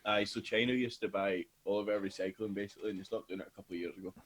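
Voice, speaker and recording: Brief: guy, low husky voice, plain matter-of-fact podcast chat. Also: steady tone, racing, a bit bright. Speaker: podcast guest.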